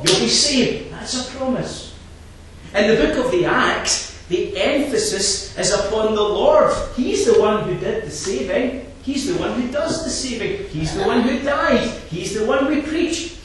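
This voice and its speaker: Impassioned preacher in an echoey hall. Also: male voice. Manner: swings from low quiet asides to loud impassioned climaxes, repeats phrases. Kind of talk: sermon. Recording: very echoey, from a distance, faint background noise.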